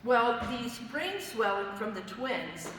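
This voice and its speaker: At a church fellowship, a woman with a slightly high, fairly bright voice gives a personal testimony, very animated but slow-paced. She tells her story conversationally and in vivid detail, her voice coming from far off in an echoey hall with faint noise.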